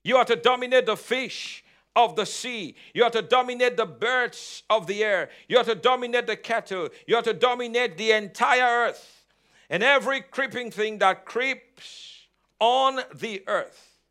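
High-voiced preaching man, emphatic. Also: a little slow, pushed and bright, clear, resonant tone. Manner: emphatic, repetitive preaching with call-and-response. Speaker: pastor. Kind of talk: sermon. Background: congregation answering amen.

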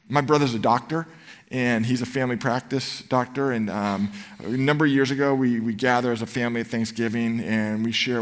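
A man preaching a sermon as pastor, conversational and earnest, slipping into quoted voices as he tells stories. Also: mid-range voice. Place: church sanctuary. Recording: church hall reverb.

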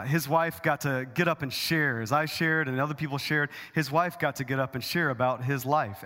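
A man preaching a sermon as a pastor, dramatic and emphatic, swinging up loud and high to drive points home. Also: big-room sound. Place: church auditorium.

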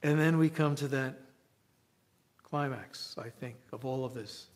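Slow, reflective male preacher. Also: mid-range voice. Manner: slow, reflective, with dramatic pauses. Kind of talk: sermon.

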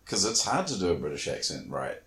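A man's voice: low-pitched, big pitch swings, a little fast, a bit bright. A man co-hosting a podcast in casual chat, mostly giving brief agreeing replies and teasing questions. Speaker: podcast co-host.

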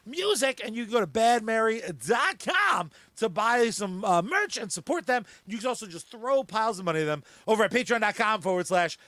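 A man co-hosting a podcast, joking around and reading sponsors with excitable bursts of shouting. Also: sits high, brisk, few pauses, dry recording. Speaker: podcast co-host. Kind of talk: casual chat and sponsor reads.

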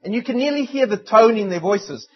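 Husky-voiced preacher with dramatic swings. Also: male voice, high-pitched, expressive, a little fast. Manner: dramatic preaching with sudden drops to near-quiet. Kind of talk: sermon. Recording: dull lo-fi sound.

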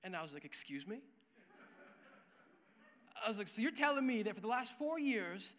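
Young male pastor, animated storyteller, high bright voice, long church reverb. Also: a little fast. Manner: energetic storytelling with quoted dialogue. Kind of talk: sermon. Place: church hall with worship music.

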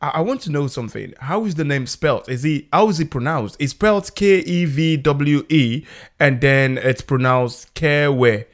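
A man's voice: on the high side, expressive, moderate pace. A man hosting a podcast, asking eager questions with frequent restarts. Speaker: podcast host. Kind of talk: conversational interview.

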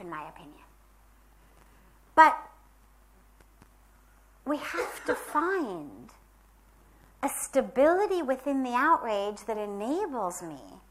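Woman spiritual teacher, earnest and emphatic, slightly high voice, measured pauses. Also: pushed and bright. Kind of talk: spiritual talk.

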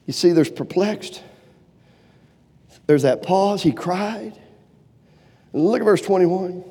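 A man preaching a sermon with fervent delivery, swinging from loud urgent pleading to low hushed lines. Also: very animated, a little slow, long pauses, breathy edge. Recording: long hall reverb.

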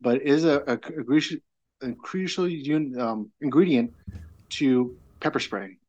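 A man's voice: mid-range voice, a little slow, darkish tone, dull audio. Rambling middle-aged man telling a story. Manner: rambling storyteller, many fillers and restarts. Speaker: podcast guest. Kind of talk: casual chat.

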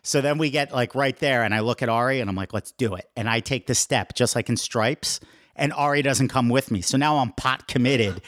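A man's voice: mid-range voice, brisk, a bit bright, no echo, clean studio sound. A man telling a comic story on a podcast in casual chat, acting out the quotes and laughing as he goes.

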